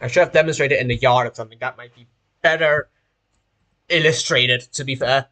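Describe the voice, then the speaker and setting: Playing a train simulator on stream, the same young Hong Kong man talks at normal speed in a sharp, medium-pitched voice with a British-sounding accent. Despite a sore throat he rambles on casually, frequently correcting himself and starting phrases over.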